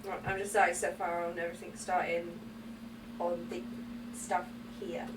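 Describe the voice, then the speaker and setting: A woman's voice: lowish voice, flat delivery, normal speed, recorded from a distance, noisy background. A woman playing in a tabletop game session, giggly and playful. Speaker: player. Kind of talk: casual chat in a game session.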